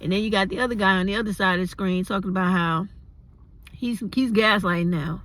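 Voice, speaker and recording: A woman's voice: mid-range voice, a little fast, a bit bright. An older woman talking to camera in a blunt, profane, rambling way, often drifting into digressions. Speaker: vlogger. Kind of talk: casual commentary to camera.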